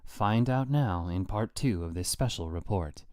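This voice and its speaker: An objective male TV news reporter, as a man puts him on for a manga reading on stream. His delivery is steady and formal, in a low voice with dry, close sound. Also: a little slow, dry recording. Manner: steady formal broadcast read.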